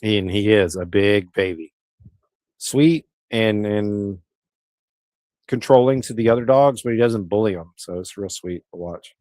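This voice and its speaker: Brief: middle-aged male streamer, rambling, easygoing chat, deeper voice. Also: unhurried, a little mellow, no room sound. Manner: rambling, easygoing, with frequent restarts. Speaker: livestream host. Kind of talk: casual livestream chat answering viewer comments.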